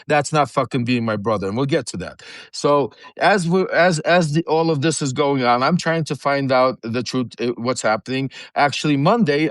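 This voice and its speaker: A man's voice: mid-range voice, no echo. Rambling, profane man hosting a livestream. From Ukraine. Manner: rambling, profane, many fillers and restarts. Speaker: show host. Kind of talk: unscripted livestream monologue.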